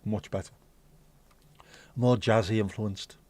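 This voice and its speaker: A man's voice: on the low side, fairly even intonation, takes it slowly, darkish tone, no echo. A middle-aged man hosting a casual livestream and chatting in a playful, cheeky, rambling way. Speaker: livestream host.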